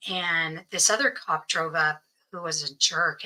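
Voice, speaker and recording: A woman, a guest in an interview, telling a personal story and acting out the voices of the people in it, often dropping to a hush. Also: lowish voice, moderate pace, few pauses, low-quality recording. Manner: acts out quoted voices, often drops to hushed tones.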